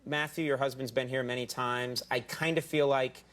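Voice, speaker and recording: A man hosting a late-night talk show, joking and teasing his guest with deadpan asides. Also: medium pitch, moderate pace. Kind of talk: comic late-night interview. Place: television studio with live audience. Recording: broadcast TV audio with audience. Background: studio audience laughter.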